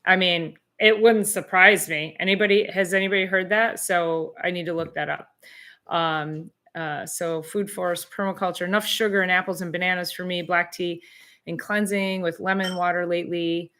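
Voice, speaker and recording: A middle-aged woman with a somewhat low voice hosts a live question-and-answer stream. She talks casually and rambles, full of fillers and false starts. Now and then she bursts into animated disbelief. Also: normal speed. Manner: chatty, rambling, frequent fillers and restarts. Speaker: chiropractor hosting a live Q and A.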